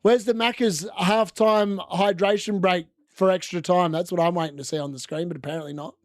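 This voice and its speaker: A man's voice: high voice, fairly even intonation, a little fast, no room sound, studio quality. A young adult man with an Australian accent, hosting a casual live football watchalong and reacting to the chat. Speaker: watchalong host.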